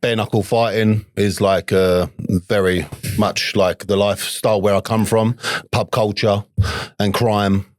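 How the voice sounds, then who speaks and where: Man, Cockney accent, podcast guest, blunt, swears, lowish pitch, dry close sound. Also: level tone, unhurried, no echo. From England. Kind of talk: casual chat.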